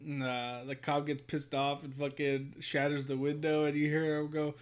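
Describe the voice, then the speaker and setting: Laid-back joking man, slightly high voice. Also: fairly even intonation, moderate pace. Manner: profane, laughs often, tells anecdotes. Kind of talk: casual chat.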